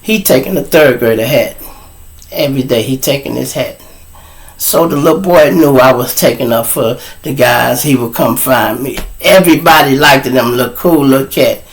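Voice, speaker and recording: A middle-aged man, hosting his show and telling a profane, animated story straight to his audience. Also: medium pitch, moderate pace, faint music behind. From Chicago. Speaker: show host. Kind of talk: storytelling monologue.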